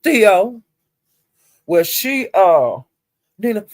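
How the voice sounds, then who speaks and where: A woman's voice: on the low side, animated, measured pace, gravelly, pauses often, a little mellow, dry recording. A woman gossiping on a casual livestream, sassy and profane, with drawling "well, honey" asides. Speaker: livestream commentator.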